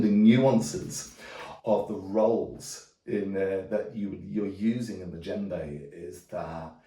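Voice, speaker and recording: Man, drum teacher, relaxed explanations, slow delivery, roomy distant sound, drumming in between. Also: mid-range voice. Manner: relaxed, explanatory, checks in with "okay?". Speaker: djembe teacher. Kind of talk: demonstrating drum technique. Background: djembe drumming.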